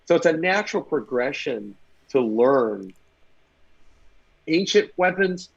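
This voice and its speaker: A man's voice: fairly high pitch, slow, gravelly, slightly rough, muffled recording. A man from the Midwestern United States, a fight choreographer guest, telling anecdotes in an interview and acting out the voices of people in his stories. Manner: lively anecdotes with animated quoted voices. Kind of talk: storytelling interview chat.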